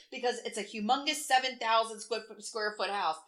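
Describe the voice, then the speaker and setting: Woman, 40s, podcast co-host; bright, forward voice; blunt, profane storyteller who acts out quotes. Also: fairly high pitch, fairly even intonation, fairly quick, hardly any pauses. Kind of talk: casual chat.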